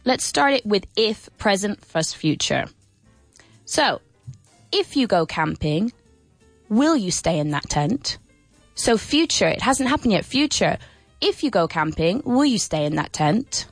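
Playful woman teaching with lively sing-song questions. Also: mid-range voice, measured pace, no room sound, soft background music. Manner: lively, playful, with many laughs. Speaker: English teacher and radio host. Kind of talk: radio English lesson. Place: radio studio.

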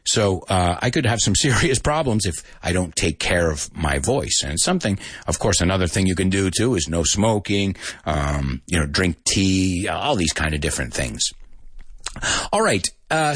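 Animated, husky-voiced male teacher. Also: lowish voice, no echo, studio quality. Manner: animated, explains with demonstrations. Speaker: host and English teacher. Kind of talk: teaching podcast talk.

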